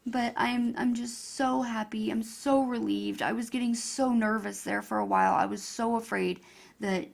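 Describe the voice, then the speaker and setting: A woman's voice: fairly high pitch, expressive, moderate pace, creaky. A woman vlogger talking emotionally and chattily to her viewers. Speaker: YouTuber. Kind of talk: casual vlog commentary.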